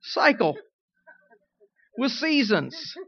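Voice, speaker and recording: A middle-aged man preaching a sermon, telling humorous stories with lively rising emphasis. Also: very high voice, very slow, gravelly, dry recording, highs cut off.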